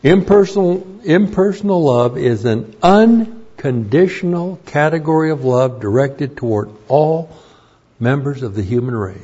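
A man teaching a Bible lesson as a sermon, slow and deliberate, repeating key phrases for emphasis. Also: on the high side, lively intonation, mellow, breathy edge. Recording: dull lo-fi recording.

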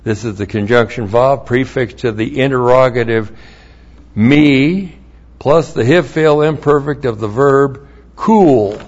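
Man preaching verse by verse, spells words out letter by letter, slow and emphatic, dry jokes, muffled old recording. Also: mid-range voice. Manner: dry humor, chuckling asides. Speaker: pastor. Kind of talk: verse-by-verse Bible teaching. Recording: dull lo-fi recording.

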